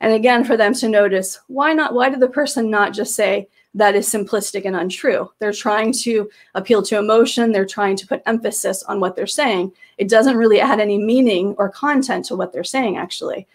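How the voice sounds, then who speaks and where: A woman's voice: mid-range voice, a little fast, few pauses. A woman presenting slides to teachers, explaining in a patient way with frequent fillers and restarts, speaking into a computer microphone on a video call. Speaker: teacher trainer presenting a webinar.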